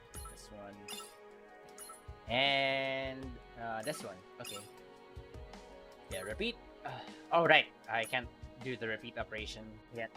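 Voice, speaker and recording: A man live-streaming a video game, chatting casually with viewers, excitable and quick to laugh. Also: mid-range voice.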